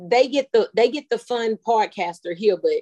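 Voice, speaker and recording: A woman's voice: fairly high pitch, normal speed, dark tone, no echo. A middle-aged woman, a podcast guest, chatting in a brash, profane, joking way. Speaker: podcast guest and host of her own show. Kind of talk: casual chat.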